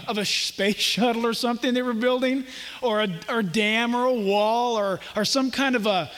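High-voiced folksy preacher man. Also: fairly bright tone, long reverb tail. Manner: folksy, jokey asides, acts out little dialogues. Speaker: pastor. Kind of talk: sermon.

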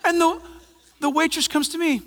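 A male pastor preaching a sermon in an animated, conversational way, with asides and humor. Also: very high-pitched, moderate pace, in a large hall. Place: church.

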